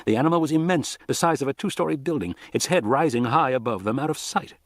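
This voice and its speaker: A man narrating an audiobook in an expressive, dramatic reading style. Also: mid-range voice, fast talker, no echo.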